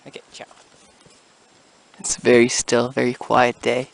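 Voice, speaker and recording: A man's voice: mid-range voice, monotone, measured pace, vocal fry, rough recording. A man from Canada narrating a casual outdoor vlog in a snowy forest, talking through each task and marveling at the scenery. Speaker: vlogger.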